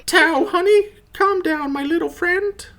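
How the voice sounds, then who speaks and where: A woman voicing a doting old grandmother in a put-on Southern accent, reading game dialogue in a high, sing-song, fussing way. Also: measured pace, fairly bright tone, exaggerated voice, low-quality recording. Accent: put-on American Southern.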